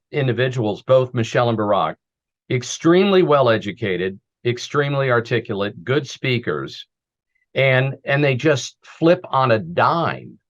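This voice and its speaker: Guy hosting a talk show, mid pitch, rambles, kinda dull lo-fi sound. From southern United States. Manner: rambling, with restarts. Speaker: show host. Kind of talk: casual interview chat.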